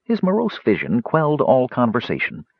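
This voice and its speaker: Husky, expressive male audiobook narrator. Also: medium pitch, normal speed, no room sound, dull audio. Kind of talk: scripted narration.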